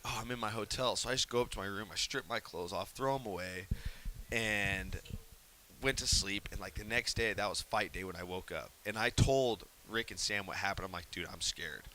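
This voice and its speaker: A man telling a story in a casual interview, animated and laughing, acting out quotes in hushed whispers. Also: lowish voice. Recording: faint hiss.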